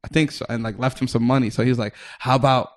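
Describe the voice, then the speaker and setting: A man's voice: medium pitch, fairly even intonation, fast talker. A man from the Bronx, a comedian, telling a long casual story as a podcast guest. He swears freely, restarts his sentences, and acts out other people's lines. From New York, the Bronx.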